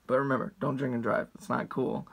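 A man's voice: flat delivery, a little fast, gravelly, a bit bright. A man in his twenties casually telling a rambling, heavily profane story, with restarts and asides and quoted voices acted out. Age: 20s. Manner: acts out quotes with big pitch jumps. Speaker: storyteller vlogger.

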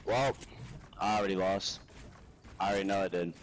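A man giving live gaming commentary, swearing and getting frustrated, sometimes yelling in bursts. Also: sits low, fairly even intonation, fairly quick, slight background noise, rough recording. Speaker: gamer playing online matches.

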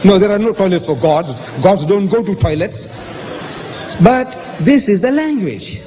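Guy with a high mellow voice debating, super animated, acts out quotes, echoey hall w faint noise behind. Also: unhurried. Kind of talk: public religious debate speech.

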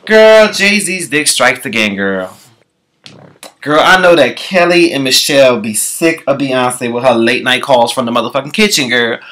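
A man delivering a sassy, profane comic rant, calling the listener "girl" and swooping his pitch around wildly. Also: animated, a little slow, fairly bright tone. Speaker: comedian.

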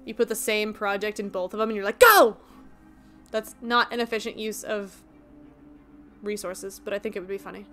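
A young woman streams a game, chatting casually and giggling as she quickly riffs on her viewers' jokes. Her voice is medium-pitched, a bit bright and flat in delivery, with soft music in the background.

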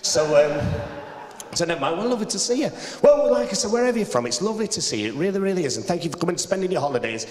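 A man's voice: sits high, sing-song, very fast. A Yorkshire man doing cheeky, chatty stand-up banter with a hotel cabaret audience. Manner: cheeky, chatty crowd work. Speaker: cabaret comedian and singer. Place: hotel cabaret room on stage. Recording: roomy hall reverb.

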